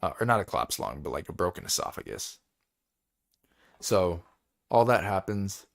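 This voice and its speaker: Low-voiced tired man recapping a book. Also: sing-song, vocal fry, a bit bright. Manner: rambling, filler-heavy, paraphrases characters in quick voices. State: tired, yawning. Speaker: book club host. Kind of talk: casual book chapter recap.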